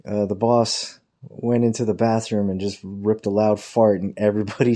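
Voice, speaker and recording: A man with a fairly low, dark voice and little pitch movement tells a rambling, profane workplace story at an unhurried pace, pausing often. He keeps it casual and quotes his coworkers in mocking voices.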